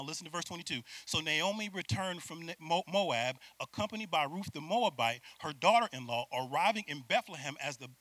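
A male preacher giving a lively sermon, acting out voices, laughing often and calling out to the crowd. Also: fairly high pitch, no room sound.

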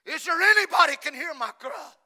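A man preaching a sermon with passion, swinging between hushed, quiet stretches and loud shouting. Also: extremely high pitch, animated, fairly quick.

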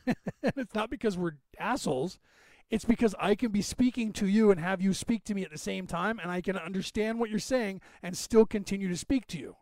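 A man hosting a podcast, talking quickly in a rambling, digressive monologue. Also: sits high, darkish tone, dry recording. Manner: rapid, talkative, digressive. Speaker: podcast host.

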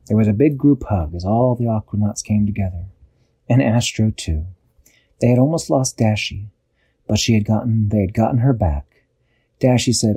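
A man improvising a bedtime story, animated and acting out characters, with occasional restarts. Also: on the low side, normal speed, slightly rough, dry recording.

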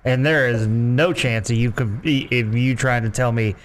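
A man's voice: medium pitch, steady tone, normal speed. A man co-hosting a sports radio show, ribbing his partners and chuckling along. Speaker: co-host. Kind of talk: casual sports radio banter.

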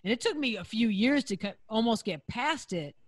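A woman's voice: a little high, animated, moderate pace, no room sound. A woman hosting a comedy talk show, rambling through her thoughts in casual chat. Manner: rambling, restarts thoughts often. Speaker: host.

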